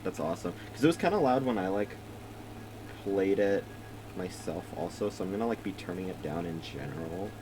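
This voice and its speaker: Low-voiced giggly young man gaming. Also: animated, brisk, noisy background. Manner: giggly, rambling, swears casually. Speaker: let's play streamer. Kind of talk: casual gameplay commentary.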